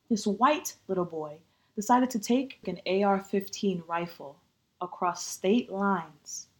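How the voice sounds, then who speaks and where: Fired-up young woman ranting, low voice. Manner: heated, profane, emphatic. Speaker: podcast host. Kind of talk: casual solo podcast rant.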